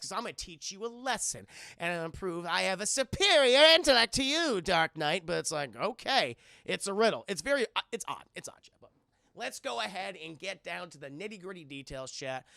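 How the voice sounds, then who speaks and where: A man's voice: fairly high pitch, vocal fry, sharp tone, dry recording, clean studio sound. A male streamer giving a rambling, profane recap of a cartoon episode, constantly addressing his chat.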